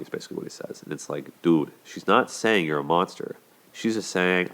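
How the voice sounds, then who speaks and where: A man with a strikingly low, deep voice hosts a casual relationship commentary. He speaks conversationally, now and then acting out quoted lines in a lifted voice. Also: moderate pace, a bit bright. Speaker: host of a relationship commentary show.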